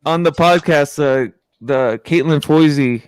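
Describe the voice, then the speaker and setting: A man hosting a podcast in casual chat, enthusiastic and quick to agree. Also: on the high side, darkish tone, clean tone, no room sound, clean studio sound. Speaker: podcast host.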